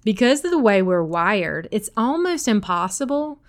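A middle-aged woman hosting a self-help talk, with a noticeable accent and a smooth, resonant voice at a mid pitch. She speaks straight to her listeners in a chatty, conversational way. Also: big pitch swings, normal speed.

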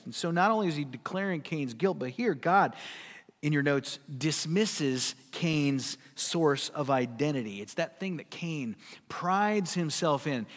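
A man's voice: a little high, expressive, unhurried, in a large hall. A man preaching a sermon, emphatic and full of rhetorical questions. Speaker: pastor.

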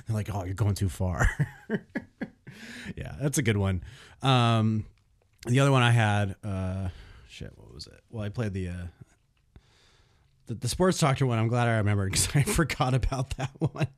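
A man's voice: fairly low pitch, normal speed, long pauses. A man hosting a podcast, chatting casually and rambling with fillers and laughter. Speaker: podcast host. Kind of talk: casual chat.

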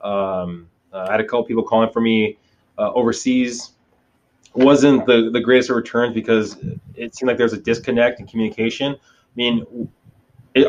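A man hosts an interview and asks probing questions, with repeated stumbles while he works out each one. His voice is mid-pitched. It sounds dull and lo-fi. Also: steady tone, normal speed. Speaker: interview host. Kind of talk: casual interview.

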